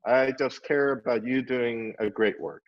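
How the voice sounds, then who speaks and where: A man's voice: mid-range voice, steady tone, unhurried. Musing man on a dull online call. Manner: musing, thinks aloud with many "uh"s and "you know"s. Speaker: architect and teacher. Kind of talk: reflective panel discussion. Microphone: video call.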